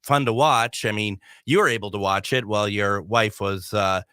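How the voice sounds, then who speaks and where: Bright-voiced male radio host, rambling. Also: fairly low pitch, moderate pace, smooth, dry recording, studio quality. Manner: rambling, many restarts. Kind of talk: casual radio chat. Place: radio studio.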